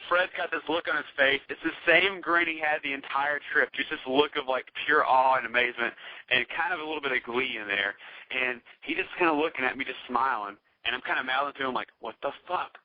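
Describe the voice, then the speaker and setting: A man's voice: mid-range voice, fairly quick, no echo. A man casually telling a wild story as a podcast guest, swearing freely and acting out what others said. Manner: animated, profane, acts out quoted voices. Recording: dull, dry lo-fi podcast audio.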